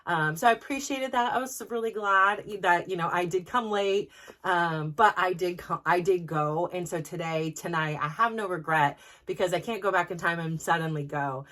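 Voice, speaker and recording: A woman in her forties hosting a podcast, telling a personal story in a casual, animated way, laughing often and restarting her sentences. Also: fairly low pitch, normal speed. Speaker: podcast host.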